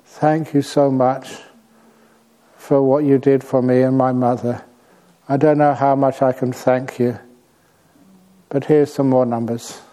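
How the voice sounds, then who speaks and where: A man voicing the ghost of a young woman, retelling her words slowly in a story. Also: mid-range voice, flat delivery, dark tone, natural voice. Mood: grateful. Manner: retold in a slow storytelling voice.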